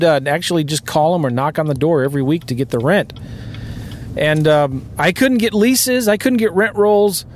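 A man's voice: sits high, a little hiss or hum. A man giving an emphatic, urgent motivational talk as a real estate coach, often asking "right?".

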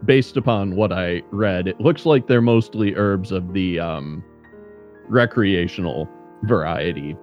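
A man playing a tabletop game who speaks in a measured, understated way. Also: sits low, highs cut off, faint music behind. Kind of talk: casual tabletop game play.

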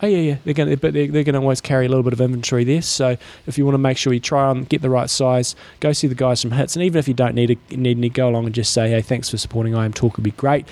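Casual male podcast co-host, gravelly, rambling delivery. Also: medium pitch, very fast, few pauses, no room sound. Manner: relaxed, rambling, many fillers. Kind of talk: casual chat.

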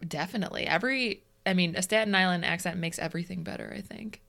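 A woman co-hosting a podcast in casual chat, making dry, deadpan wisecracks. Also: on the low side, fast talker, gravelly. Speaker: podcast co-host.

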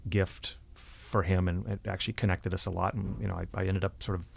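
A man, an actor, telling stories from his career in a casual interview, animated and laughing at himself. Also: low-pitched, fairly quick, vocal fry, slightly rough, no echo. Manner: animated anecdotes with self-deprecating laughs. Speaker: actor and podcast guest.

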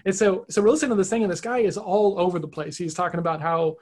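Man telling a story, lively. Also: high-pitched, fast talker. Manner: animated, acts out quoted dialogue. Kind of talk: casual storytelling.

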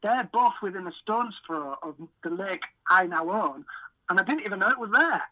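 An English man in his podcast-guest seat, chatting in a casual way and telling rambling, self-deprecating anecdotes. His voice sits fairly high and has a very bright, sharp edge. The sound is thin and slightly phone-like. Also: expressive, normal speed. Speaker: podcast guest, fishery owner. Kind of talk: casual storytelling.

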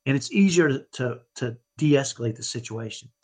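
A man's voice: medium pitch, animated, moderate pace, darkish tone. A middle-aged man giving an earnest, motivational parenting talk as a podcast guest, often checking in with "right?". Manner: earnest, tags points with "right?".

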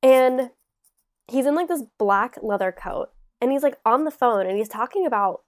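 A woman's voice: fairly high pitch, moderate pace. Chatty young woman telling a story. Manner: animated storyteller, lots of "like", acts out overheard lines. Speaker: podcast co-host. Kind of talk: casual chat.

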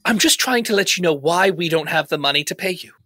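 Man doing a pompous would-be elf, bright, husky, dry close sound, comedy sketch. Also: on the high side, animated, fast, no echo. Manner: affected pompous elvish voice, defensive. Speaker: elf convention organizer, comedic character.

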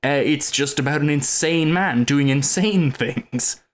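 A man co-hosting a film podcast, talking in a halting way, thinking aloud and restarting his sentences. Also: a little high. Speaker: podcast co-host. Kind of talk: casual film discussion.

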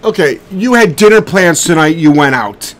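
A man's voice: a little high, lively intonation, moderate pace, fairly bright tone. A man hosting a live viewer Q&A as a dog trainer, blunt and profane, given to angry, defiant rants. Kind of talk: live stream chat, answering viewer questions.

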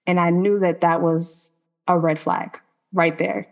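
A woman's voice: lowish voice, steady tone, a little slow, vocal fry. Earnest woman sharing a personal testimony. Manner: earnest, conversational, many "like" fillers. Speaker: podcast guest. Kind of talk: personal testimony in a faith podcast interview.

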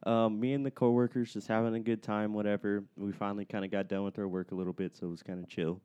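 A man telling a casual story in a laid-back, profane, animated way. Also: lowish voice, quick pace, clean tone, no room sound, highs cut off. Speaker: podcast co-host.

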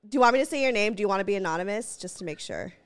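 A woman's voice: medium pitch, lively intonation, rapid-fire, smooth. A woman hosting her own podcast in a brash, bubbly, profane casual chat. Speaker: podcast host.

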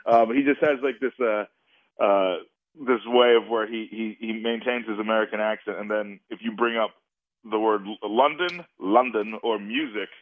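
A man, an actor guest, chatting in a halting, rambling way and laughing easily. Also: lowish voice, no room sound. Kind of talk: casual interview over phone. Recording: tinny phone line.

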